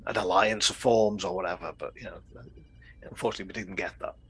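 A man's voice: deep voice, steady tone, quick pace, fairly bright tone, husky. A man co-hosting a podcast, chatting casually about a TV episode in a rambling way. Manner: rambling, acts out quoted lines. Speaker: podcast co-host. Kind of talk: casual chat reviewing an episode.

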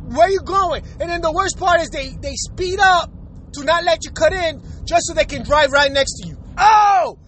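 Driving through city traffic, a young male vlogger rants about the congestion, swearing and repeating himself. His voice is extremely high, pushed and bright, with faint traffic noise in the background.

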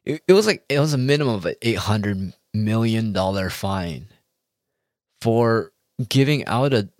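A man's voice: fairly low pitch, lively intonation, unhurried, no echo, clean studio sound. A man talking straight to his audience in a rambling, heated monologue, full of swearing. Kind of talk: casual ranting monologue.

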